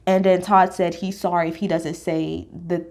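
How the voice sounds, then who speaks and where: A woman giving a casual reality TV recap, blunt and profane, talking with emphatic jumps in pitch. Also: level tone, moderate pace, creaky, darkish tone, slight background noise.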